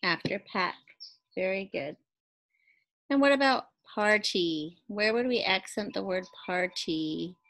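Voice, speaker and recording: A woman teacher giving a recorded phonics lesson to second graders, speaking slowly and clearly and pausing for imagined answers. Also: medium pitch, animated, fairly bright tone, poor audio. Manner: slow, clearly enunciated teacher talk with pauses for imagined answers.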